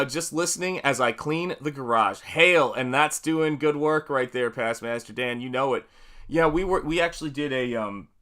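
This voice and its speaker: A bright, forward-sounding man hosts a casual live stream from his home art studio while he paints. He greets viewers by name with upbeat energy. Between greetings he rambles along loosely, full of fillers. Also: medium pitch. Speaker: livestream host and painter.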